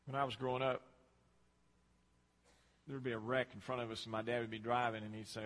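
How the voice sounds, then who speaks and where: A man's voice: medium pitch, flat delivery, a little fast, pauses often, fairly bright tone. A man preaching a sermon, talking emphatically and repeating himself for effect. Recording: long hall reverb.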